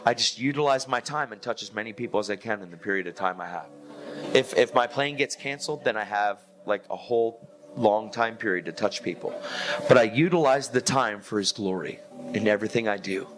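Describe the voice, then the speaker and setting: A man giving a casual faith testimony, telling it as a relaxed, slangy story full of "like", "man" and "dude". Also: on the low side, a little fast, background noise. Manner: laid-back slangy talk with "like", "man" and "dude". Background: music.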